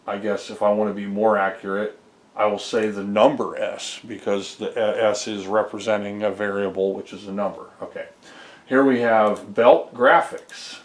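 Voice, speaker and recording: A man's voice: on the low side, level tone, moderate pace, reverberant. A man, a homebrew game developer, casually walks through his game code. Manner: rambling, explains code step by step with fillers. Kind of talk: casual screen-recorded dev vlog.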